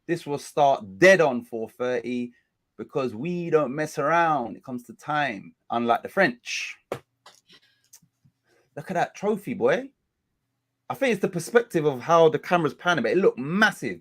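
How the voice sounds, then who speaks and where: A man's voice: fairly high pitch, sing-song, normal speed, fairly bright tone. A man hosting a football watch-along stream, talking in a rambling, chatty way and often correcting himself. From England. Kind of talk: casual live-stream chat.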